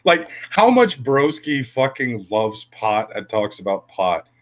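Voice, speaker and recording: A man co-hosting a podcast, talking in a rambling, halting way in casual chat. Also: mid-range voice, big pitch swings. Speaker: podcast co-host.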